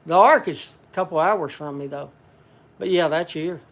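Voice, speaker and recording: A man's voice: fairly high pitch, moderate pace. An older man hosting a casual livestream, rambling in a folksy country way and answering viewer comments. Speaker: livestream host.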